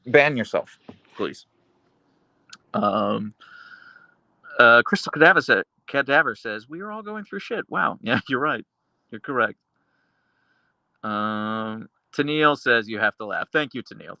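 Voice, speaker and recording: A man hosting a live stream, reading chat aloud and answering with dark, deadpan humor and frequent laughs. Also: fairly low pitch, a little slow, vocal fry, pauses often, no room sound. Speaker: livestream host reading chat.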